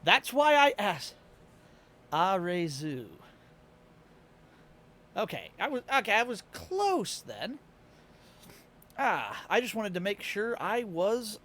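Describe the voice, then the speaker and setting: A man's voice: high-pitched, pushed and bright, slight background noise. A tired man with a Midwestern American accent, chatting casually and laughing often as he streams live to his chat. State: a little tired.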